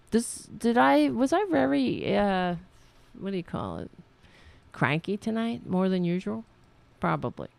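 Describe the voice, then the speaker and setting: A woman hosting a political livestream talks slowly in a low, gravelly voice. Her pitch swings widely as she mocks what she reads, blunt and profane. She stops often to hunt for the right word. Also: a little mellow. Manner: halting, searches for words. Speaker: livestream host. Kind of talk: casual political commentary livestream.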